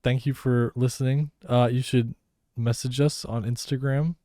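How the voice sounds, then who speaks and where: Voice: medium pitch, fairly even intonation, mellow, no room sound, clean studio sound. A young co-host of a college radio podcast chatting casually, often laughing and chiming in with short remarks. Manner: laughing, quick interjections. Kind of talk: casual chat.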